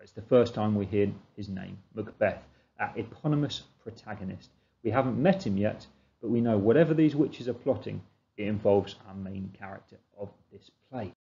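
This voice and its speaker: A male teacher with a lowish, gravelly, dark voice explains a literature text during a revision lesson. His manner is explanatory, and he poses questions and then answers them himself. The audio sounds dull.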